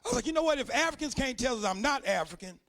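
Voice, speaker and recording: A man performing a loud, profane stand-up comedy set on a club stage. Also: very high-pitched, animated, rapid-fire. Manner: loud, profane storytelling with put-on voices.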